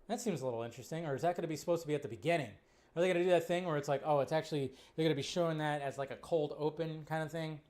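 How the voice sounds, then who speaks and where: A man hosting a casual live movie news stream, ranting incredulously, with profanity. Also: fairly high pitch. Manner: animated, incredulous rants with profanity.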